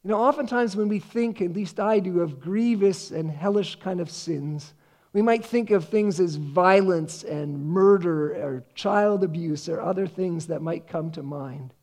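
A man preaching a sermon, earnest, slowing down to read scripture with emphasis. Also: high-pitched, a little mellow. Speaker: pastor.

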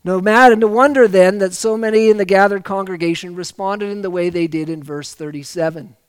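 A man preaching a sermon, reading scripture aloud and rising to loud, slowed emphasis on key phrases. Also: sits high, clear, resonant tone, no room sound.

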